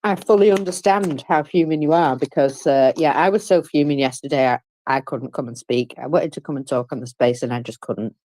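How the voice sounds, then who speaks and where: A woman's voice: rumbling low, fairly quick, hardly any pauses, mellow, dry recording. A woman speaking in an online chat room, indignant and outspoken with a wry edge. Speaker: participant in a live audio chat space. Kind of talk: heated casual chat.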